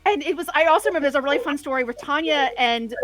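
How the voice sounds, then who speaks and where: Woman co-host, high voice, dry close mic, rambling chatty storyteller. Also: rapid-fire, fairly bright tone, no room sound, soft background music. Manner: rambling, tangent-prone storytelling. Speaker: podcast co-host. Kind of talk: casual chat.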